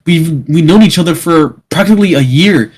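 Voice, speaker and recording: A young man talks through a painful story in loose, casual chat. His voice sits a little high and has a husky edge. He stammers and restarts often, his words spilling out unevenly. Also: moderate pace, a little mellow. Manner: emotional, rambling, frequent restarts and stammers.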